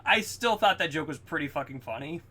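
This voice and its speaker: Animated swearing man, bright voice. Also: fairly high pitch, fairly quick. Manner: excited, swears often, acts out quotes. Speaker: podcast co-host. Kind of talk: casual chat.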